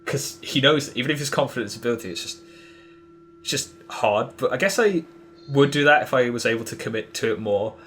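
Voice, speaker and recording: Young male podcast guest, mid-pitched, rambling and self-conscious, with constant fillers. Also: quick pace, fairly bright tone, faint music behind. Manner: hesitant, full of "like" and restarts. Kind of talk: casual conversational interview.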